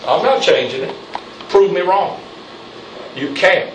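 A man's voice: high-pitched, animated, slow, distant mic, slight background noise. A man preaching a fiery sermon as pastor, rising in intensity and calling on the congregation for amens. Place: church sanctuary. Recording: echoey church, mic from afar.

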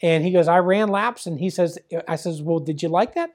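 A man's voice: high-pitched, fairly quick. An older man from the Pittsburgh area, a former wrestling promoter, telling a long family story in an interview and constantly repeating "I says" and "he goes".

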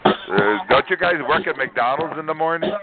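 A man's voice: fairly high pitch, animated, normal speed. A man on a phone chat line, hurling profane taunts and insults at the other callers. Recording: tinny phone line with music.

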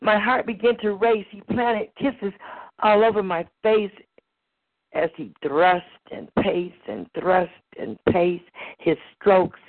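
A woman performing spoken word poetry at an open mic with a slow, rhythmic, rhyming delivery. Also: mid-range voice, steady tone, no room sound. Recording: tinny phone-like recording.

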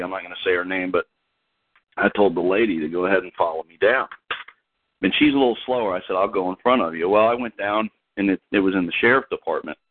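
A man telling a story casually, in a conversational way with hesitant restarts. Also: deep voice. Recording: tinny phone-line audio.

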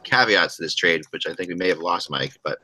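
A man's voice: deep voice, brisk, bright, forceful tone, rough recording. A man hosting a casual hockey podcast, rambling and joking with frequent restarts. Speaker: podcast host.

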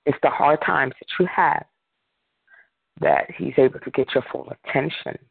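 A man's voice: mid-range voice, fairly even intonation, moderate pace, vocal fry, husky, no room sound. Fervent male preacher on a phone line. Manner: repetitive call-and-response preaching, fervent. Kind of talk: sermon. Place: remote prayer line by phone.

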